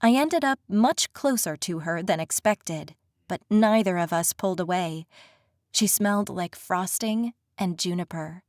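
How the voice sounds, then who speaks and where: A woman's voice: lowish voice, measured pace, a little mellow, dry recording, clean studio sound. A woman narrating a first-person fantasy audiobook in a wry, conversational storytelling manner.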